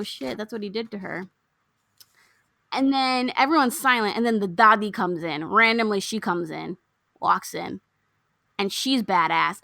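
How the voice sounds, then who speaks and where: A woman co-hosting a podcast, chatting casually as she recaps a film. She gets animated and acts out characters' lines in a raised voice. The recording is dry, with the mic close and no room sound. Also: on the low side, vocal fry, no echo. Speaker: podcast co-host.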